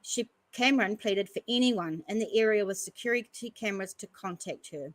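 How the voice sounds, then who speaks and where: A woman's voice: medium pitch, brisk, no room sound, rough recording. A woman who hosts a podcast, reading news articles aloud and stopping often to add earnest comments. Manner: earnest, stops often to comment between passages. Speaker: podcast host.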